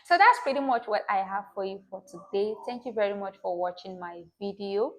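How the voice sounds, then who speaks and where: Encouraging woman reciting gentle affirmations. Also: mid-range voice. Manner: warm, encouraging, slow affirmations. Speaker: self-help video host. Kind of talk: motivational talk to camera.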